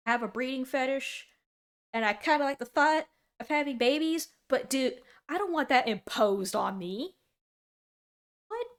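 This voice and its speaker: A young woman in her twenties streaming a casual reaction, talking in an animated and sarcastic way and laughing often. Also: sits high.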